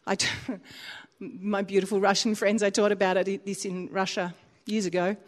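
This is a female preacher speaking from a church pulpit at a moderate pace. Her storytelling is lively, marked by big pitch swings and frequent bursts of laughter.

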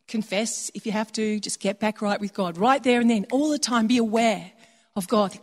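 A woman's voice: mid-range voice, unhurried. A woman preaching a sermon in a conversational way, slipping into quoted voices for little asides. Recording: long hall reverb.

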